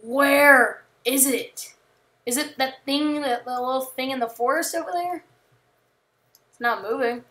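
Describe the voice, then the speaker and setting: A woman chatting casually while playing a video game, rambling and joking, with sudden panicked yells. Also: sits high, normal speed, pauses often. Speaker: gamer. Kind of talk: casual gameplay commentary.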